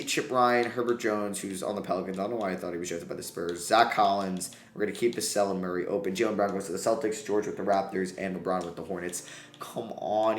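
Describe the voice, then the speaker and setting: Excitable gaming YouTuber, roomy sound. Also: male voice, on the low side. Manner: swings between groaning pleas and excited shouts. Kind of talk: casual commentary over a basketball sim playthrough. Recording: roomy echo.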